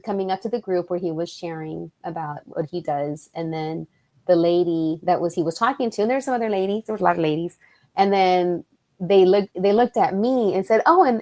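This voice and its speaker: A woman guest on a chat show, an animated storyteller who acts out quoted voices and mixes Spanish words into her English. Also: on the low side. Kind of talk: casual chat.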